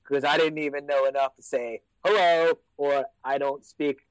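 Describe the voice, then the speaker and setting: An American man telling stories in a casual chat, laid-back and profane, often trailing off into low asides. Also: fairly even intonation, moderate pace, smooth, no room sound. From United States. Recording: dry, dull lo-fi sound.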